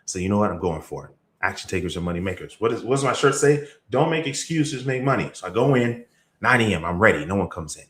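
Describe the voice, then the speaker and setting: Energetic male sales coach with a lowish voice, recorded in a roomy space. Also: fast. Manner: energetic, with sudden jumps up in pitch and loudness. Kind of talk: motivational storytelling talk. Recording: roomy echo.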